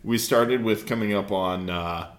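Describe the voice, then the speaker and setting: A man co-hosting a casual podcast, joking around and doing quick silly voices. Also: on the low side, a loud crowd. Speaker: podcast co-host. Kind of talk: casual banter.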